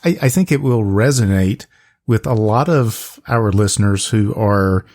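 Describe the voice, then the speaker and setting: Brief: deep-voiced male podcast host, measured and supportive. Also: darkish tone. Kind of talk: interview hosting.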